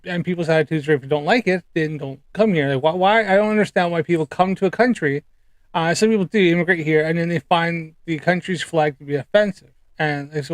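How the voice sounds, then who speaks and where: Man, casual live-stream chatter, hesitant and rambling, slightly high voice, dry room. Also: dry recording. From United Kingdom. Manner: rambling, many ums and uhs. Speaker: streamer reacting to clips.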